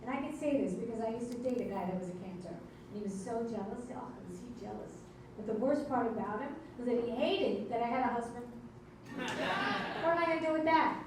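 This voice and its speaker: A brash, high-pitched woman hosts a comedy night and needles the crowd between jokes. Her voice carries from a distance through a very echoey club room. Background noise hangs under everything. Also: lively intonation, brisk. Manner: brash, teasing the crowd, hyping the audience. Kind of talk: stand-up comedy hosting.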